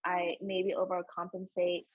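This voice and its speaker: A young woman speaking as a podcast guest, earnest and emotional in candid conversation, with a husky voice. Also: fairly low pitch, completely flat delivery, a little slow, dull audio, a little hiss or hum. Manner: earnest and emotional, frequent fillers and laughs.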